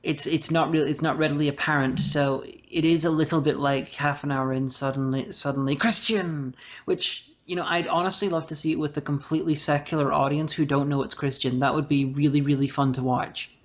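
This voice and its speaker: A woman's voice: low-pitched, steady tone, fairly quick. Chatty woman co-host, lo-fi audio. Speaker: podcast co-host. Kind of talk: casual podcast chat.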